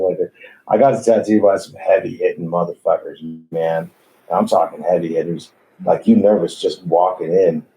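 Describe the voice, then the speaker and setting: A man's voice: low voice, dark tone, rough recording. A man, a tattoo artist, telling stories in a laid-back way, swearing freely and laughing often. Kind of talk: casual storytelling. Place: tattoo shop.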